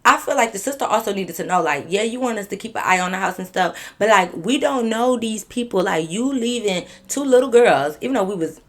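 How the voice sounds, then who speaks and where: A woman vlogger telling a casual story to her viewers, animated and profane, addressing them directly. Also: medium pitch, fairly quick, few pauses.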